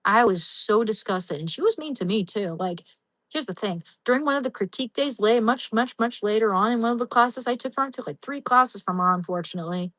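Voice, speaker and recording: A woman's voice: fairly high pitch, animated, brisk, a bit bright, no room sound, low-quality recording. Chatty woman streamer, dry sound. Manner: talks to chat viewers by name, rambling with many restarts. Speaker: livestream host. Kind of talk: casual livestream chat.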